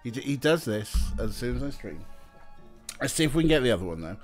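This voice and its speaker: A male streamer chats casually with his viewers in a very animated voice that swings high and low. He often slips into a high sing-song coo while he talks to his cats. Soft music plays quietly in the background. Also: normal speed. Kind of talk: casual livestream chat.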